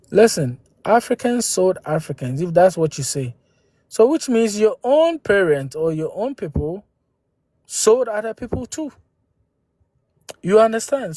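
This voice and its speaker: A man's voice: high voice, a little mellow, no echo. A man from Ghana, hosting a live stream and arguing with viewers through rhetorical questions and exclamations into a phone. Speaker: livestream host.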